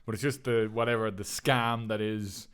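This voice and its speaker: A man's voice: lowish voice, fairly even intonation, normal speed, fairly bright tone, clean tone. A young Irish man co-hosting a podcast, telling a long story in casual chat and acting out other people's lines as he goes. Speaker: podcast co-host.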